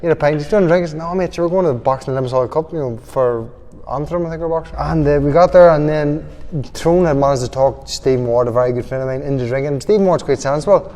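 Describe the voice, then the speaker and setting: A man's voice: fairly high pitch, fast talker, mellow. A young man with a Northern Irish accent, a boxer telling rambling stories with laughs in a casual interview. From Northern Ireland. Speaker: boxer guest. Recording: long hall reverb.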